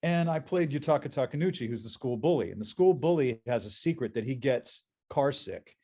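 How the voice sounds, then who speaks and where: Guesting on a convention panel, a voice actor with a medium-pitched voice talks fairly quickly through animated anecdotes. Restarts are common, and he repeats words when they happen.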